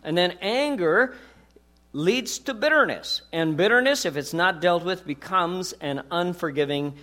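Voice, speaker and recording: Guy pastor giving a sermon, kinda high voice, chatty, asks the crowd questions. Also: a little slow, sharp tone. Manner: conversational, rhetorical questions and jokes.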